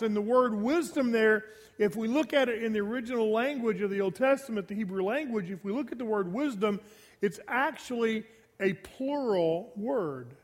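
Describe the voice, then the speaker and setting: A man's voice: high-pitched, in a large hall. A man preaching a sermon as a pastor, emphatic, repeating his phrases and asking the listeners rhetorical questions.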